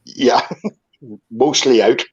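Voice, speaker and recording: A man, co-hosting a casual livestream over call audio, easygoing and quick to joke about himself. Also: medium pitch, slightly rough, highs cut off. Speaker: co-host. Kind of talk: casual chat.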